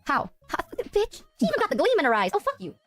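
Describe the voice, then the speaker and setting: A woman's voice: very high voice, huge pitch swings, fast, a bit bright, no echo, faint music behind. A woman streamer ranting on a call with a friend, profane, exasperated and self-mocking. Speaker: VTuber streamer.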